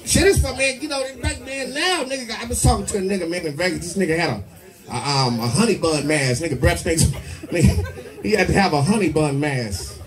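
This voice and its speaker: Rowdy high-voiced comedian in his forties. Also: brisk. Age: 40s. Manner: crude, rowdy storytelling with loud character bits. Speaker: stand-up comedian. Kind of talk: stand-up comedy set. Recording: live club mic, distant with crowd noise.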